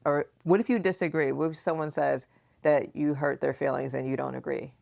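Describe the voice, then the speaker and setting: Mom in her 40s hosting a podcast, low voice, teasing and animated. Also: fairly quick, vocal fry. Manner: animated, teasing, acts out quotes. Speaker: podcast host, mother. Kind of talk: casual chat.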